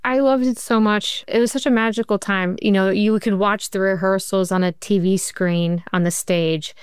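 A woman TV writer in an interview, telling stories with lively asides and acted-out quotes. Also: medium pitch, moderate pace, smooth, no echo, clean studio sound. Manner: animated storyteller, acts out quoted voices. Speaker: TV writer and showrunner. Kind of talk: interview conversation.

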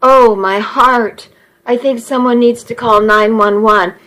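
A woman reading as a shrill vain mother. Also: steady tone, takes it slowly, fairly bright tone, rough recording. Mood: self-pitying. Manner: dramatic, indignant. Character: shrill vain self-pitying mother, middle-aged. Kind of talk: reading a story aloud.

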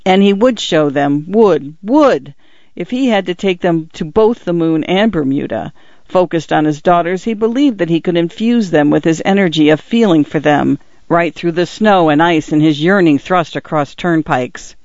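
A man narrating a literary novel as an audiobook, in a measured, expressive reading. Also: on the high side, dry recording, highs cut off.

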